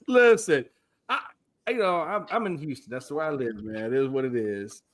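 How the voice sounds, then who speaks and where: A man with a high, lively voice that leaps up and down as he jokes around. He trades jabs with his co-hosts in loose sports banter. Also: normal speed. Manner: teasing, laughing, animated swings in pitch. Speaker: podcast co-host. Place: lives in Houston.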